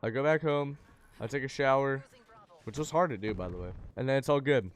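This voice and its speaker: A man's voice: mid-range voice, fairly quick. A young man telling a personal story in a laid-back, slangy way, swearing freely. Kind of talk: casual story time.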